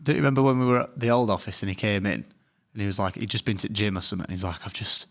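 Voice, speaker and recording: A man's voice: on the low side, rapid-fire. A man chatting casually on a podcast, making dry, easygoing remarks. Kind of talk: casual banter.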